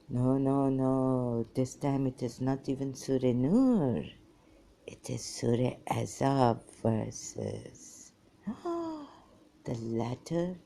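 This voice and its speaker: A woman's voice: rumbling low, big pitch swings, slow pace, gravelly, dark tone. A woman, talking in a scattered, exasperated vlog monologue that jumps between topics. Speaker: ex-Muslim vlogger. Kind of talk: rambling monologue to camera.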